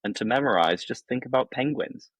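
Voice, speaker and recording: A man with a Yorkshire accent, an English teacher hosting a casual conversation, explaining slang in a relaxed way with plenty of examples and fillers. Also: medium pitch, fairly quick, no room sound.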